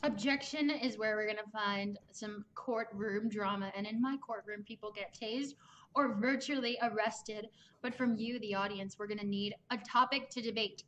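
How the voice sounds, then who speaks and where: A woman's voice: medium pitch, moderate pace, fairly bright tone, a little hiss or hum, low-quality recording. A woman hosting a live online improv comedy show, chatty and upbeat. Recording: music playing behind.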